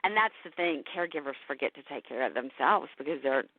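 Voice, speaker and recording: A woman's voice: low-pitched, fast. A middle-aged woman talks openly and with feeling in a casual interview. Her voice comes through a tinny, phone-like line. The sound is dry and close, with no room echo. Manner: emotional, candid, animated storytelling with laughs. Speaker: podcast host and caregiver guest.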